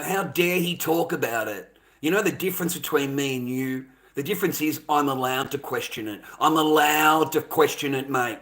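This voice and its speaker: A man's voice: fairly high pitch, fairly bright tone. Angry profane man ranting at a viewer. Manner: aggressive, taunting, profane. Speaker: streamer.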